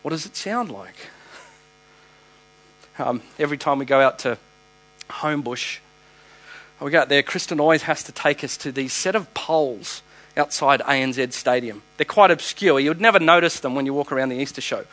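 A man's voice: mid-range voice, moderate pace, fairly bright tone, rough recording. An Australian man preaching a sermon as pastor, emphatic, with repeated phrases and restarts.

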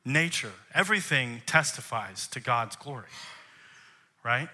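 A man's voice: mid-range voice, animated, a little slow, bright, forceful tone. A man, a worship leader, preaching a sermon in an emphatic way, posing rhetorical questions to the congregation.

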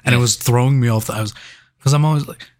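A man's voice: medium pitch, fairly even intonation, quick pace, a little mellow. A man co-hosting a movie review podcast, chatting casually, swearing and laughing as he jokes. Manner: laughing, profane, joking. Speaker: podcast co-host.

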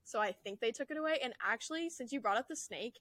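A young woman in college co-hosting a casual podcast chat, animated and laughing, swearing freely. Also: on the high side, fast talker, no echo. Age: young adult. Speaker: podcast co-host.

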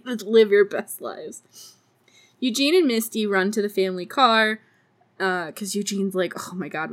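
A podcast host recaps a movie in casual conversation, adding sarcastic, profane asides and laughing often. Her voice is on the high side and a bit bright.

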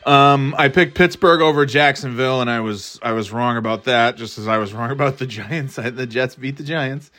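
This podcast host has a medium-pitched, pushed and bright voice, talking at a moderate pace with hardly any pauses. His throat is irritated and he keeps clearing it as he rambles casually through his football picks, swearing, mocking himself and restarting often.

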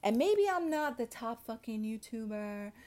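A woman's voice: on the high side, sing-song, unhurried, a little mellow. A woman in her thirties talking straight into her podcast mic with a fiery, motivational push. She swears at nearly every turn and gets so worked up that she shifts around in her chair. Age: 30s. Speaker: podcast host. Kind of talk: motivational monologue.

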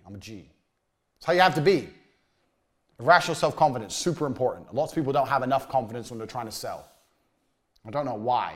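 A man of middle pitch lecturing on business in a blunt, swearing style. He hammers points home through repetition, and his sentences often sag into a quiet, low ending. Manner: drops to a low trailing tone at phrase ends. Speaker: course instructor. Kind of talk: motivational business lesson.

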